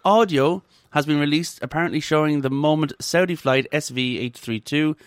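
A man's voice: a little high, moderate pace, smooth, no room sound, studio quality. A man co-hosting a podcast, reading out a weird news story and joking about it with lots of swearing. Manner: sweary, laughing, reads news aloud. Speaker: podcast co-host. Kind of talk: casual comedic chat.

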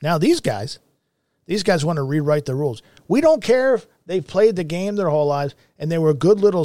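A man's voice: a little high, darkish tone, dry recording. A middle-aged man hosting a commentary show, ranting in a blunt, profane and heated way. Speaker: show host.

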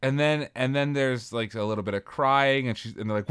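Smooth-voiced wry man. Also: mid-range voice, a little fast, a bit bright. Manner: wry, profane asides. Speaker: podcast co-host. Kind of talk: casual chat recapping a TV episode.

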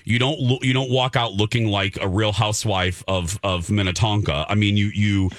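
A man hosting a radio talk show, speaking in an effusive, animated way with frequent stumbling restarts. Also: on the low side, moderate pace, dry recording, studio quality. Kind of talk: excited casual chat.

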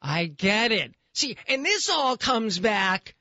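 Animated male radio host, bright voice. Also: high voice, takes it slowly, no room sound, dull audio. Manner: animated, exasperated storyteller. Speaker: radio talk show host. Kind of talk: casual talk radio storytelling. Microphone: studio microphone.

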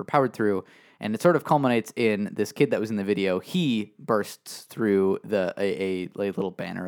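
Podcast co-host, male, low gravelly voice, loose hesitant delivery with lots of restarts. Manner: rambling, hesitant, many restarts and fillers. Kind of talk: casual podcast chat.

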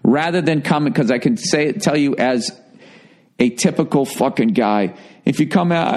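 A man's voice: mid-range voice, moderate pace, a little mellow. A middle-aged man hosting a show, answering listener letters in a blunt, rambling, heavily profane way. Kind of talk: casual advice rant.

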